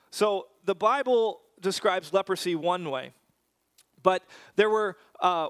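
A man's voice: high-pitched, a bit bright, dry recording. A man preaching a sermon, telling a personal story and then explaining a Bible passage in a storytelling manner with frequent fillers and restarts.

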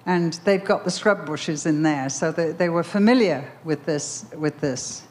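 A woman's voice: low-pitched, a little slow, darkish tone. A woman preaching a sermon, telling a story with emphatic repetition before leading a prayer. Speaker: speaker at a Bible conference.

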